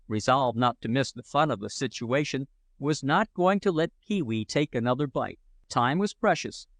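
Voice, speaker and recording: Here a man narrates an audiobook, a comic adventure for children, reading his script in a lighthearted, mock-heroic style. The voice is medium in pitch, captured without any echo.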